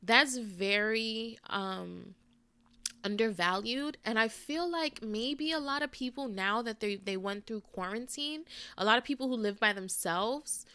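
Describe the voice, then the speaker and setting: A woman's voice: a little high, a little slow, bright, forceful tone, clean tone, dry recording. A young woman hosting her own podcast, talking candidly and casually, swearing now and then and getting teary. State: tearful, emotional. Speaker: podcast host. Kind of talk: casual solo podcast monologue.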